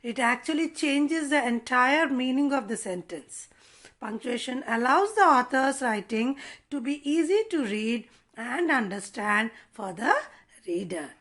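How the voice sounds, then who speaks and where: A woman teacher runs an online class for schoolchildren. Her voice sits high and bright. She takes her time, spelling out every point slowly and carefully. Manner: slow, deliberate explaining to children.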